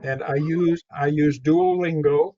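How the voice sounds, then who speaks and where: A man with a Tennessee drawl talks casually as an interview guest, in a fairly high voice. He rambles and restarts his phrases over and over. The audio sounds dull and muffled. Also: steady tone, unhurried, dark tone, slight background noise. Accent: Southern US, Tennessee. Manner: rambling, repeats his words often.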